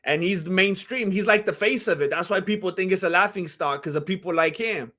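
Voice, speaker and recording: Man, high voice, animated, rambling, casual livestream chat. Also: brisk. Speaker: livestream host.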